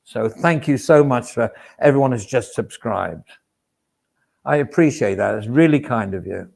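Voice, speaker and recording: A man's voice: medium pitch, expressive, normal speed, vocal fry, a little mellow. A middle-aged man chatting casually on a livestream, rambling and poking fun at himself with plenty of asides. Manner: rambling and self-deprecating; chatty, with frequent fillers and asides.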